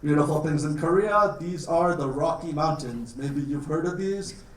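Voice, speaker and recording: A Canadian man with a slightly high voice speaks at a normal pace as a guest lecturer, giving a class a playful talk about his country. He keeps his words simple for learners and jokes often, and the recording sounds roomy and distant, as if captured in a classroom or lecture hall.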